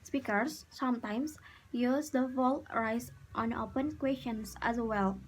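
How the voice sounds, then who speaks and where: Slow-reading young woman presenting a lesson. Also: on the high side, slight background noise, rough recording. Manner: slow, careful reading with restarts. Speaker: student presenter.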